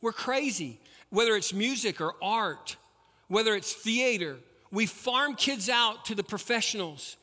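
A male pastor delivers a sermon in a high, bright, forceful voice. He swings between loud, emphatic peaks and hushed, low passages. The sound rings with a long reverb from a large church hall. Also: lively intonation, measured pace.

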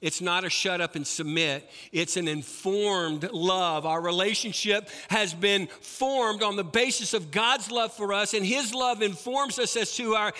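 A man preaching a sermon as a pastor, swinging between loud emphatic peaks and soft, low passages. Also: measured pace, hardly any pauses, big-room sound.

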